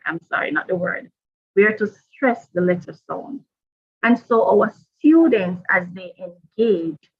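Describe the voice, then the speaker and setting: A woman presenting a professional development workshop to teachers, deliberate and repeating her key points. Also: mid-range voice, dull audio.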